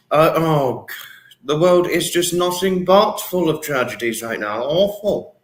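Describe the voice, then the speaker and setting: In an echoey room, a livestream host with a slightly high voice speaks slowly and in an animated way. Reading out viewer comments in his casual stream, he gets emotional, repeats things, and dwells on particular words.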